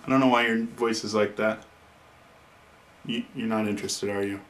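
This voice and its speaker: A man's voice: lowish voice, steady tone, normal speed, a bit bright. A man in his thirties telling random stories about himself to camera in a chatty, joking way. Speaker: vlogger. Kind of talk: casual to-camera vlog.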